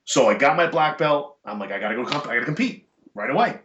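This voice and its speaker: A middle-aged man, a podcast guest, telling stories in casual chat, animated and emphatic with blunt profanity. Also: medium pitch, quick pace. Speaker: podcast guest, chiropractor and jiu-jitsu black belt. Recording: echoey room, dull lo-fi sound.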